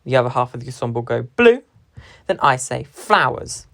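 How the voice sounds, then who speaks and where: A woman's voice: very deep voice, big pitch swings, normal speed, vocal fry. A young woman, a drama performer, giving a reflective talk about how a stage scene is split between actors. She is analytical and stresses key words when she quotes lines.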